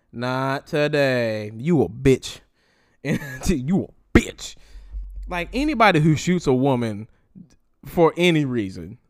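A young man hosting a solo podcast, ranting in a profane, animated way and mocking people in quoted voices. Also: medium pitch, clear, resonant tone. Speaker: podcast host.

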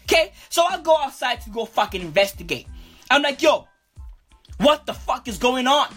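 A woman's voice: sits high, very animated, normal speed, fairly bright tone, soft background music, full character voice. A woman playing a boastful, foul-mouthed male street bro who talks in cursing slang and keeps saying "bruv", in a comedic character monologue.

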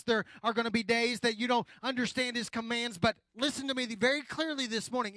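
A male pastor preaching a sermon, addressing the congregation directly and swinging from loud emphasis to quiet, slow lines. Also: very high voice, no room sound.

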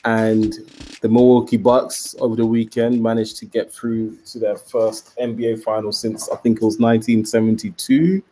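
Laid-back British podcast host. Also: male voice, on the low side, level tone, moderate pace, warm tone, soft background music. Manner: banter-heavy, laughs often. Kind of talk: casual chat. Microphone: video call.

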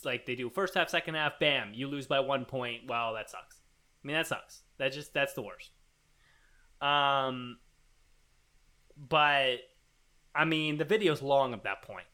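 A man's voice: medium pitch, sharp tone. A man co-hosting a casual podcast, rambling through listener emails with fillers and restarts. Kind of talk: casual chat.

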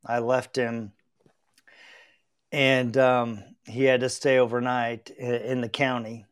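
A man's voice: mid-range voice, level tone, takes it slowly, smooth. A middle-aged man hosting a podcast, telling a personal story in an earnest, reflective way with frequent restarts. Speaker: podcast host. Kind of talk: heartfelt conversational storytelling.

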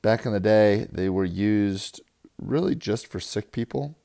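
A young man giving a profane, rambling fantasy football recap, swinging from loud hype to low mumbles. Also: a little slow, vocal fry. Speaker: fantasy football league player.

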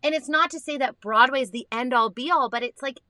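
Bright-voiced young woman chatting candidly. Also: high voice, fairly quick, no echo, studio quality. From Canada. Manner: candid, excitable, swears casually. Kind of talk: casual chat.

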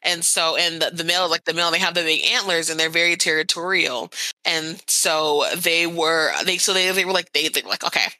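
A woman's voice: fairly low pitch, steady tone, fairly quick, sharp tone, dry recording. A woman co-hosting a podcast, telling a story in a chatty, rambling way with lots of fillers. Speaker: podcast co-host. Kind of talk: casual podcast chat.

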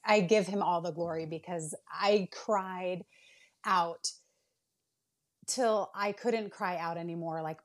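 A woman's voice: fairly low pitch, unhurried. A woman in her late thirties, a podcast guest telling a candid personal story in an earnest, emotional way with many fillers and restarts.

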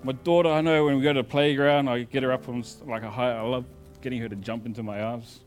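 Man preaching with soft music behind. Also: medium pitch, fairly even intonation, fast. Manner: conversational storytelling, shifts between loud emphasis and soft asides. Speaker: pastor. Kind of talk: sermon.

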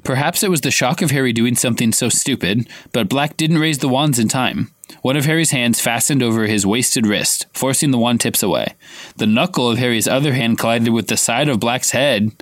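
A man's voice: medium pitch, brisk, no room sound, clean studio sound. A man co-hosting a podcast, reading a novel aloud live and acting out the dialogue with a raised voice.

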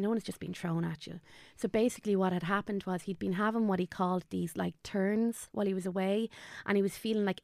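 A woman's voice: medium pitch, vocal fry, darkish tone, dry recording, studio quality. An Irish woman in her thirties, a podcast guest telling a personal family story candidly, acting out what people said. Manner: candid, tells it with quoted dialogue.

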